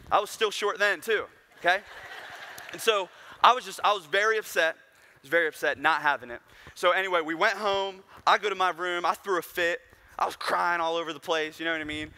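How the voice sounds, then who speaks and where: A man's voice: sits high, bright, forceful tone. A young man preaching a sermon in a casual, storytelling way with conversational asides. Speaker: pastor.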